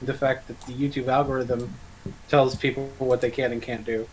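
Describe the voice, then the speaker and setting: A man's voice: mid-range voice, level tone, moderate pace, slight background noise, low-quality recording. A man joining a stream over a voice call, chatting casually with crude jokes and a habit of arguing his point. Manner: crude, joking, argumentative. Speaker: guest co-host on a stream.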